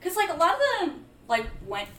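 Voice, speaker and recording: A woman's voice: extremely high pitch, wildly swooping pitch, moderate pace, sharp tone. A woman chatting casually about movies, laughing easily as she talks. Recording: roomy, distant mic with faint background noise.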